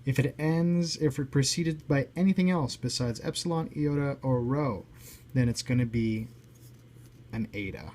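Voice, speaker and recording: A man's voice: mid-range voice, moderate pace, a little mellow, a little hiss or hum, rough recording. A man teaching Greek grammar in a recorded lesson, explaining each point step by step and muttering small self-corrections.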